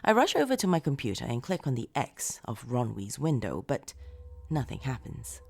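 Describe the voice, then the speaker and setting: Woman horror narrator, dramatic, lively pitch, hushed to shouting, faint music behind. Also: moderate pace, creaky, slightly rough. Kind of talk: first-person horror narration.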